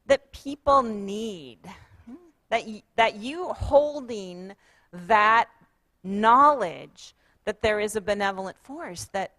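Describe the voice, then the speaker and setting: In a church sanctuary, a woman pastor with a slightly high voice encourages her congregation warmly, heading up chanted affirmations they repeat back. The recording has no room sound.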